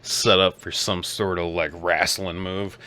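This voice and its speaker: A man running a tabletop game as game master, narrating in a casual, halting way and laughing often. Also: low voice, little pitch movement, sharp tone, slight background noise.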